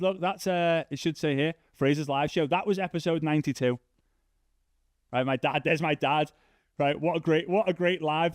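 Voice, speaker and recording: A young man giving a workshop talk to a live audience, telling a story with lively, acted-out dialogue. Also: smooth, dry recording, clean studio sound. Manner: animated, acts out dialogue with big pitch jumps. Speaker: workshop speaker.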